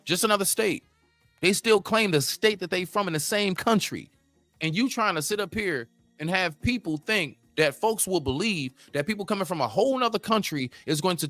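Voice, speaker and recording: A man's voice: sits high, fairly bright tone, dry recording. A man hosting a stream, giving a profane, ranting reaction commentary to a clip and talking straight to his viewers.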